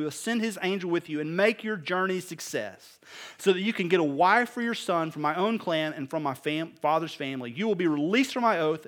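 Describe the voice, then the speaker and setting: A man's voice: high voice, fairly bright tone. A man preaching a sermon to a congregation, reading scripture and adding casual joking asides before building to emphatic appeals. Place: room with a live congregation.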